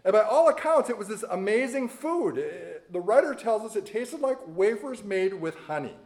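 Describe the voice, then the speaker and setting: A man preaching a sermon in a conversational, animated way, often checking in with the congregation. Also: sits high, normal speed. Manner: animated, conversational preaching with frequent "right?" asides. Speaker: pastor.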